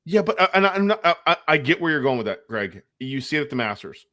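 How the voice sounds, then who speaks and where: A man's voice: on the high side, very animated, quick pace, bright, forceful tone, dry recording, studio quality. A man co-hosting a casual golf podcast, rambling with restarts and cutting in on others. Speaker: podcast co-host. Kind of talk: casual sports chat.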